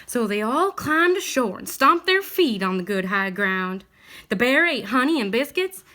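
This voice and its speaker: A woman reading a bedtime story aloud in a gentle, expressive way. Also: fairly high pitch, unhurried.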